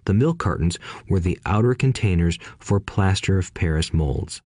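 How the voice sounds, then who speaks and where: Deep-voiced man narrating a memoir. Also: lively intonation, moderate pace, a little mellow, dry recording, clean studio sound. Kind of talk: first-person audiobook narration.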